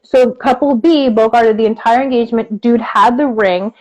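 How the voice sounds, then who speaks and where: A woman co-hosting a casual chat, telling a story in an animated way and acting out the people in it, with plenty of fillers. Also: a little high, normal speed, low-quality recording. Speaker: co-host.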